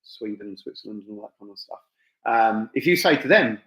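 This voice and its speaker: A man's voice: on the low side, lively intonation, fairly quick, a bit bright. A middle-aged English man, a fight promoter, chatting informally to viewers on a live stream, full of asides and fillers. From England. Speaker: fight promoter and gym owner. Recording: echoey dull room sound.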